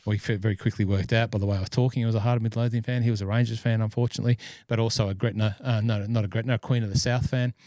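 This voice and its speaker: A man's voice: lowish voice, steady tone, very fast, few pauses, warm tone, dry recording. A man hosting a podcast, telling long rambling stories with many fillers. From Scotland. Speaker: podcast host and golf club fitter. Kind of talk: casual podcast chat.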